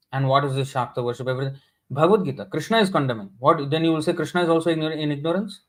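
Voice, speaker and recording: A man's voice: on the high side, rough recording. A man giving a sermon in an indignant, scolding, emphatic manner. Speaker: scripture class speaker.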